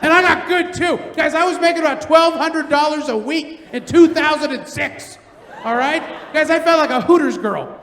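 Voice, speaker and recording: A man in his thirties doing stand-up on a big theater stage, telling stories animatedly and shouting his punchlines. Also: extremely high pitch, normal speed, slight background noise. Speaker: stand-up comedian. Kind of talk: stand-up set. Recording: echoey theater with long reverb. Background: audience laughter.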